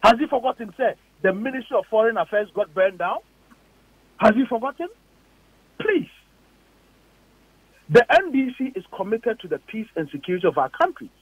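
A man's voice: sits high, big pitch swings, normal speed, pauses often, breathy edge, no room sound. A man with a Ghanaian accent, a politician on a radio interview, firing off emphatic, indignant rhetorical questions. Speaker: politician guest. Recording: dull lo-fi radio audio.

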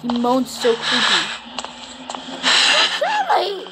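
A young woman commenting as she plays a horror game, jumpy and swearing, with sudden high shrieks when startled. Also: animated, measured pace. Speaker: gamer playing a horror game. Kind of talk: let's play commentary. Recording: loud background noise, mic clicks.

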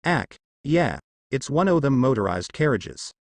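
A man voicing a drunken, gruff old male bridge builder who slurs and drawls his words. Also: medium pitch, big pitch swings, measured pace, no room sound. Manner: slurred, drawling speech.

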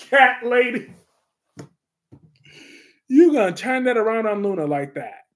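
Animated man hosting a chatty livestream. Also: high-pitched. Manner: animated, repeats phrases for emphasis. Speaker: livestream host reading comments. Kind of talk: casual livestream chat.

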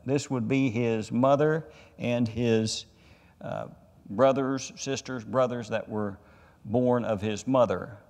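Man, pastor, Bible study sermon, slow measured delivery, church hall reverb. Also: medium pitch. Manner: slow, deliberate scripture reading with emphatic rises. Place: church sanctuary.

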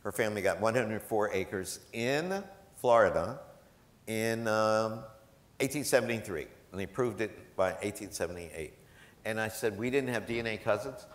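A man's voice: lowish voice, moderate pace. A man speaking as a guest at a gala, telling humorous stories to a live audience in a chatty, jokey way and quoting the people in them. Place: large event hall. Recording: echoey hall.

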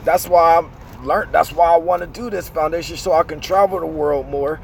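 A man hosting a casual live chat from a car in the city, talking in a loose, slangy, animated way. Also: on the high side, normal speed, gravelly, slight background noise. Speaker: host.

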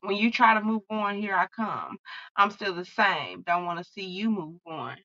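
Bright, profane tarot-reading woman. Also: medium pitch, moderate pace, no echo, lo-fi sound. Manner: blunt, profane, fired-up channeling. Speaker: tarot card reader. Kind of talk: casual tarot reading to viewers.

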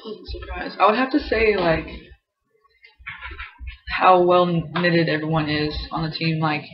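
A woman's voice: lowish voice, fairly even intonation, a little slow. Giggly young woman. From Texas, USA. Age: 20s. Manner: giggly, chatty, many fillers like "um" and "like". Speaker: college softball player, guest. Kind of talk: casual chat. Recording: muffled lo-fi recording.

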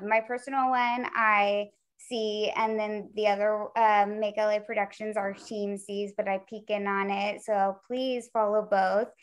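A woman guest in an interview, speaking in an earnest, encouraging way as she gives career advice. Her voice sits in a middle pitch with a gravelly, fry-tinged edge. She loosens her points with casual fillers. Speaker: talent manager, guest.

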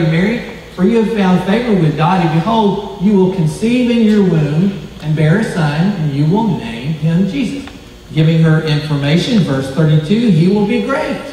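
A man's voice: high-pitched, a little mellow, a little hiss or hum. A male pastor preaching a sermon, with emphatic rises and drops in his voice, now and then stumbling over a word. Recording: echoey hall, from far off.

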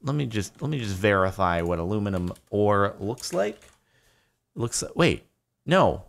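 A young man giving chatty running commentary while playing a game, turning to panicked shouts when chased. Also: fairly low pitch, big pitch swings, unhurried, vocal fry. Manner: chatty, jumps to panicked yelling. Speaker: gaming YouTuber. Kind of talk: live Minecraft commentary.

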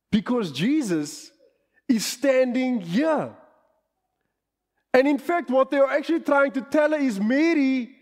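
A man's voice: high voice, a little mellow. A middle-aged South African man preaching a sermon as pastor, in an emphatic style that rises and falls and stretches key words. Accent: South African English. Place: church. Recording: church hall reverb.

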